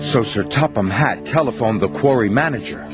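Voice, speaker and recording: A man narrating a children's storybook in an expressive, sing-song way. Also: mid-range voice, a little fast, loud music behind the voice. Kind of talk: storybook reading.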